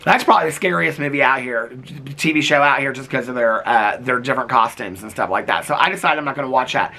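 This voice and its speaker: Bright, gossipy man chatting to camera. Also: medium pitch, quick pace, gravelly. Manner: animated, gossipy, exasperated asides. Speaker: vlogger reviewing reality TV. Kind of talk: casual chat to camera.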